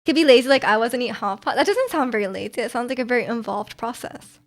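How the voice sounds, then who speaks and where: High-voiced young woman, chatty streamer. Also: lively intonation, fast. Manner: chatty, rambling, frequent ums and restarts. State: slightly sore voice. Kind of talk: casual chat reading viewer comments.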